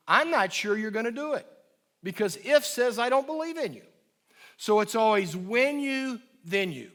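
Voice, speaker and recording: High-voiced man giving a lively parenting talk. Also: normal speed. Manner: dynamic, swings from emphatic to soft and low. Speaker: parenting speaker. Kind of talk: live talk to an audience.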